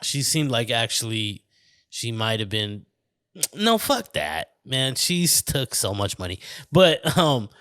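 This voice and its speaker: This slightly tipsy Southwestern American podcast host talks slowly in an animated, somewhat bright, medium-pitched voice. Captured echo-free in studio quality, his casual monologue wanders, stumbles, and is peppered with profanity.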